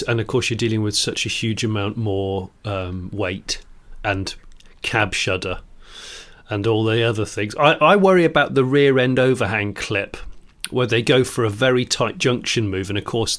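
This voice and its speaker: A man co-hosting a casual podcast chat, jokey and enthusiastic, quick to laugh. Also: on the low side, a bit bright. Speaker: podcast co-host.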